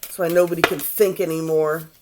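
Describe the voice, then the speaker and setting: A man's voice: on the high side, level tone, a little fast, dark tone. A man in his forties giving a casual tarot reading, rambling, swearing and sounding exasperated. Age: 40s. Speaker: tarot reader.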